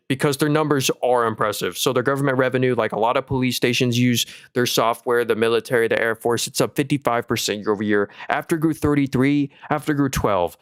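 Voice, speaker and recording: A man's voice: mid-range voice, clear, resonant tone, no echo, studio quality. A young man hosting a live stock market stream, talking casually and upbeat through earnings numbers, with fillers and restarts. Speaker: stock market livestream host.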